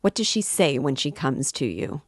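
A woman reading a novel aloud, voicing a tense, suspicious young male student who asks sharp, guarded questions. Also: very deep voice, sing-song, moderate pace, breathy edge, dry recording, studio quality, full character voice.

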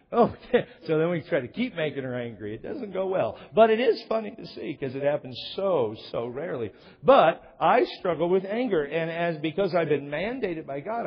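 Captured in a lo-fi, echoey recording from a church sanctuary, a middle-aged pastor with a fairly high, breathy-edged voice delivers an emphatic sermon. He asks rhetorical questions and cites scripture.

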